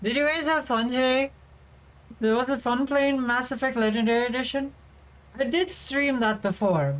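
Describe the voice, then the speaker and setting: A woman's voice: fairly high pitch, low-quality recording. A young adult woman livestreaming as a VTuber, chatting casually and giggling as she reads and answers her viewers' messages.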